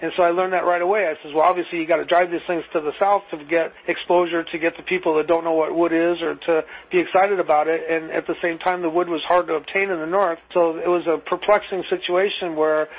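A man being interviewed spins a long, rambling anecdote, acting out both sides of the conversation with lines like "I says." His voice is on the high side and slightly rough, delivered flat, fast, and with few pauses, on a muffled lo-fi recording.

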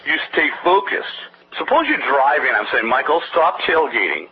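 A man's voice: on the high side, big pitch swings, normal speed, breathy edge. A man promoting his brain-training program in an interview, rambling and salesy, telling anecdotes. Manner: salesy, rambling, tells anecdotes with quoted voices. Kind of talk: energetic pitch of his program in a phone-style interview. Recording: dull lo-fi audio with faint hiss.

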